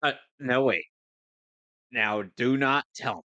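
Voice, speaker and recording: A man's voice: mid-range voice, slow pace, pauses often, sharp tone, dry recording. A man riffing on a film with a co-host, making sarcastic quips at the screen. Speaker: movie commentary co-host. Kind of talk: casual movie riffing commentary.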